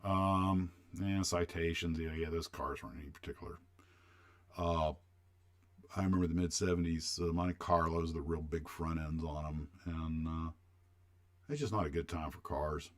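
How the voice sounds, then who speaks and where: A deep-voiced older man from the United States hosts a casual livestream. He rambles warmly through memories, stops to answer viewers' questions, and keeps the tone loose and conversational. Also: steady tone, normal speed. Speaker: livestream host.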